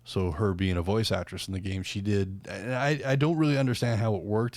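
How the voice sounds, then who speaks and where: A man's voice: fairly low pitch, brisk, hardly any pauses, a little mellow, no echo. A man hosting a podcast in casual chat, rambling with lots of fillers and restarts. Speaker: podcast host.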